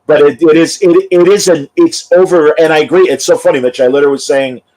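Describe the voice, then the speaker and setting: A man's voice: a little high, steady tone, fast, dark tone, rough recording. A man hosting a casual review chat, talking conversationally and reading out listener comments. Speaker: podcast host.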